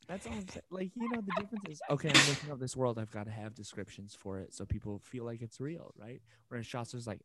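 A man co-hosting a relaxed podcast chat, rambling and animated, with lots of fillers and acted-out quotes. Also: medium pitch, fairly quick, few pauses, poor audio. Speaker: podcast co-host. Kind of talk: casual chat.

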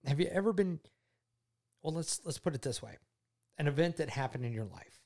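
A man speaking to his daughter, telling his faith testimony in an earnest, heartfelt way, often repeating himself and going quiet when moved. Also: a little high, animated, a little fast, vocal fry. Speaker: father talking with his daughter.

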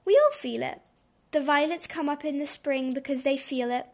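A woman's voice: high-pitched, moderate pace. A woman voicing a cheerful male robin who laughs and explains things kindly in a storybook.

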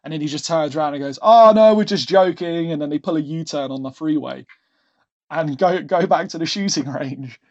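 A man guest on a podcast telling a story in a casual way, animated, often laughing and restarting his sentences. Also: fairly high pitch, brisk. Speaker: podcast guest, travel agent. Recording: dull lo-fi sound.

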